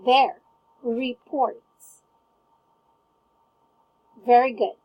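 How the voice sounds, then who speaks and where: In a one-on-one online English lesson, a woman patiently asks her student to read words aloud and praises each attempt, offering frequent encouragement. Her voice is a little high, steady and husky, and she speaks very slowly. The audio is dull.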